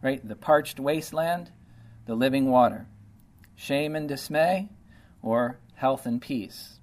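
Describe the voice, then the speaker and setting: A man's voice: mid-range voice, slow. A man preaching a sermon in a conversational way, reading scripture and explaining it with lots of "okay" and "you know".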